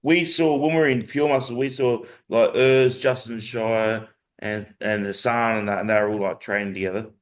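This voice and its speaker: A man recounting meetings with other bodybuilders in quick, chatty podcast talk. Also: on the low side, fairly even intonation. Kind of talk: casual chat.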